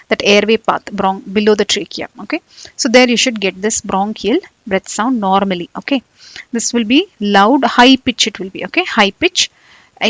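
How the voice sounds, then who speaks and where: A woman's voice: fairly high pitch, a bit bright, no room sound. Repetitive, quizzing woman tutor. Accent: Indian English. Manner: repetitive, drilling students with questions and frequent "okay". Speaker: medical tutor. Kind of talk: exam-focused lecture.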